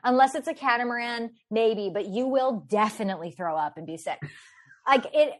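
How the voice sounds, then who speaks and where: Woman guest, slightly high voice, chatty and animated, laughs a lot mid-story. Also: moderate pace. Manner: animated, laughing often, many filler words. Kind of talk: casual anecdote in conversation.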